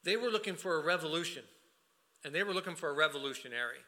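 A man preaching a sermon with a strikingly bright, ringing tone that sits a little above the usual male range. He talks earnestly, often trailing into "uh" and restarting a phrase before pushing on. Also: a little high, expressive, fast talker. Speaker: pastor.

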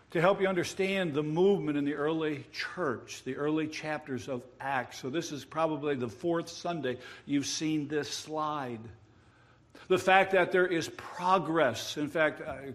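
High-voiced man preaching a sermon. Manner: earnest, explanatory preaching with emphatic rises; self-described wordsmith, plays with words. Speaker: pastor.

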